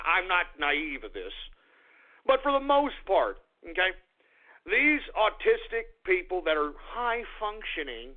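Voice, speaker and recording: A man hosting a radio show, ranting in a combative, repetitive way. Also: high-pitched. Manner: combative, repetitive, talks fast and heated. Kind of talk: call-in radio rant. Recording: tinny phone-like radio audio.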